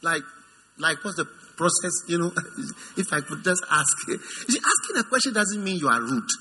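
A man preaching a sermon in an animated way. He acts out figures in put-on voices and swings between high mocking tones and low, intimate ones. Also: moderate pace, a little hiss or hum.

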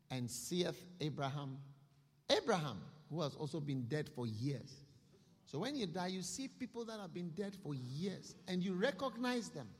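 A man preaching a sermon, telling a story with lively acting and a husky voice. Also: a little high, moderate pace. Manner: animated storytelling, acting out characters. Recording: long reverb of a hall.

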